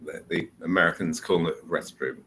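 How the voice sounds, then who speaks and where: A man's voice: deep voice, steady tone, moderate pace, pushed and bright, slight background noise. A man tutoring English one-on-one over a video call, patiently explaining step by step. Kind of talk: one-on-one online lesson.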